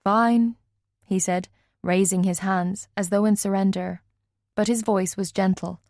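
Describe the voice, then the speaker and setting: A woman narrates a first-person audiobook in a measured, even manner. Her voice sits at a middle pitch, and the recording is dry and close, with no room sound. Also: no echo. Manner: measured, voices characters lightly.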